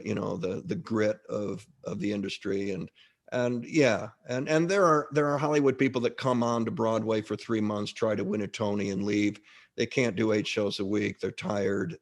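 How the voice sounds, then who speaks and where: A man's voice: fairly low pitch, moderate pace, vocal fry. A middle-aged man, an actor, telling stories in a casual interview with many restarts. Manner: rambling, frequent restarts, lively anecdotes. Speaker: actor, guest.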